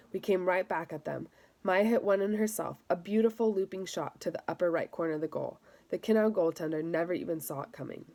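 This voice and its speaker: Woman narrating a story in a lower voice. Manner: steady, measured storytelling. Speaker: audiobook narrator. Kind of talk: scripted first-person narration.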